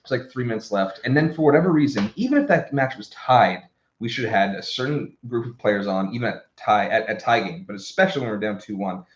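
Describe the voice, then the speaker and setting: A man co-hosting a football podcast, telling a match story in animated casual chat with restarts and swearing. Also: lowish voice, fast. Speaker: podcast co-host. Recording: roomy, dull lo-fi sound.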